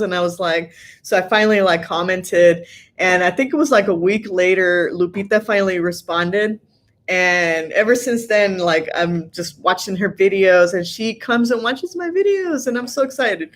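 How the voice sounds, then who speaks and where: A woman's voice: medium pitch, a bit bright. A middle-aged woman hosts a casual livestream from home and reads viewer comments aloud. She sounds tired but stays chatty, laughs often and fills her talk with "like" and "you know". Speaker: livestream host. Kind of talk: casual live chat reading viewer comments.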